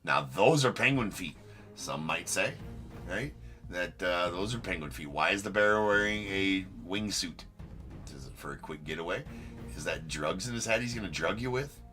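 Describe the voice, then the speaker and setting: Deep-voiced joking stream host. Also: male voice, expressive, moderate pace, pushed and bright, soft background music. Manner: joking, teasing banter aimed at a viewer. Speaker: host of a live card-breaking stream. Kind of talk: live-stream commentary.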